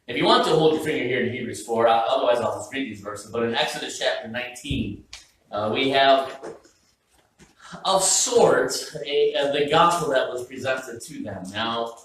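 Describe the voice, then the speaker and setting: A man's voice: medium pitch, normal speed, fairly bright tone, very echoey, distant mic, a little hiss or hum, poor audio. A man preaching a sermon as pastor in a casual, joking, conversational way, often stopping and restarting his sentences. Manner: conversational, joking, self-interrupting. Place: church sanctuary.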